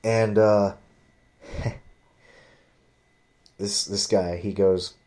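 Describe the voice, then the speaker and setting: A man's voice: on the low side, drawn-out words. A man casually telling a long personal story, rambling and swearing freely, acting out what others said. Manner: rambling, profane, animated quoting of others.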